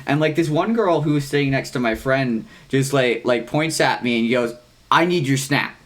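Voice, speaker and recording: A young man co-hosting a podcast. He tells a long, rambling story in casual chat, swearing freely and saying "like" constantly, with excited jumps in pitch. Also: brisk. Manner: rambling, heavy use of "like", frequent swearing. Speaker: podcast co-host.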